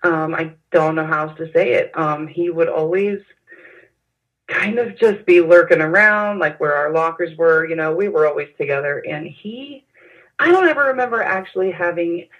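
A woman recalling events in an interview, speaking haltingly with frequent pauses and fillers. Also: lowish voice. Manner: hesitant, halting with many fillers. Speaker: interview guest. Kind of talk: personal recollection in an interview. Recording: dull lo-fi sound.

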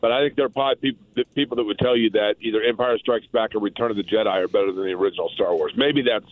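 A man's voice: fairly low pitch, racing, no echo. A chatty man rambles as a guest on a radio show and keeps restarting his sentences. He comes through a tinny phone line that sounds dry and boxed in. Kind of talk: casual radio chat.

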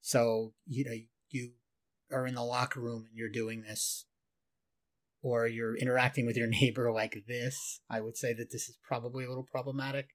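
A man's voice: mid-range voice, flat delivery, normal speed. A man co-hosting a podcast, retelling a video clip in detail and explaining, sometimes laughing at himself. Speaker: podcast co-host. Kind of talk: casual podcast discussion.

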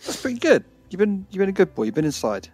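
A man's voice: high voice, very animated, fast talker, a little mellow, soft background music. A man co-hosting a casual podcast, teasing and asking lots of questions. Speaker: podcast co-host. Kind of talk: casual chat.

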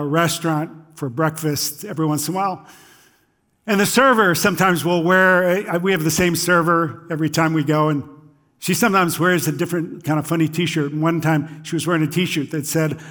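A middle-aged man preaching in a fairly high voice. He keeps it conversational and often checks in with "right?" His tone is easygoing, like he is talking with the congregation. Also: moderate pace, fairly bright tone. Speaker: pastor. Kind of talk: sermon.

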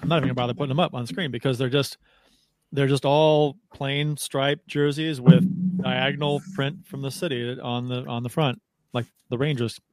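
A man's voice: mid-range voice, steady tone, moderate pace, a little mellow, no room sound. Incredulous, chuckling man on a dry mic. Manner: incredulous, laughs easily, restarts often. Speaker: podcast co-host. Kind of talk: casual hockey podcast chat.

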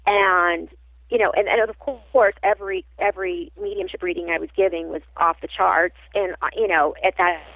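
A woman working as a psychic medium, telling a personal story in an animated, halting way with frequent restarts. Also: on the low side, no echo. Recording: tinny phone-line sound, dry.

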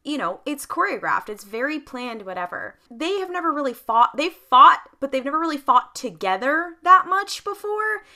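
A woman co-hosting a casual podcast chat, animated and rambling with bursts of laughter. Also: high-pitched, normal speed, few pauses. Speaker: podcast co-host.

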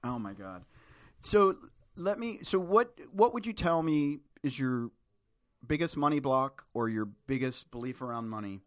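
A man's voice: medium pitch, animated, measured pace, no room sound. A man hosting a casual podcast conversation, easygoing and asking probing questions. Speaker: podcast host.

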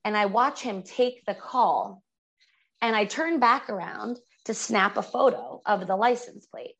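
A woman's voice: medium pitch, creaky, low-quality recording. A woman guest on an interview podcast, vividly retelling a personal story with lots of fillers.

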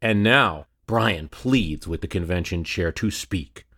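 Low-voiced man narrating a history story. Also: lively intonation, takes it slowly, bright, forceful tone. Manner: storytelling, rhetorical questions, varied emphasis. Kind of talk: dramatic scripted narration.

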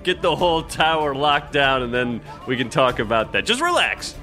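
A man's voice: a little high, big pitch swings, normal speed, pushed and bright, soft background music. A man doing a laid-back drunk henchman. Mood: easygoing. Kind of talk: comedy audio play.

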